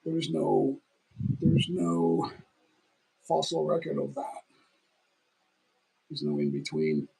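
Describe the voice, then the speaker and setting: Sounding tired, this middle-aged livestream host eats as he talks on his phone stream, meandering and frequently starting over. His slightly high voice is very animated yet slow, creaky, warm, and husky, with frequent pauses and a rough recording.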